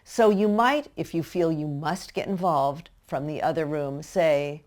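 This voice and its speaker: Low-voiced woman giving parenting advice. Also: unhurried, darkish tone. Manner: direct, practical, acts out parent and child voices. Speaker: parenting educator.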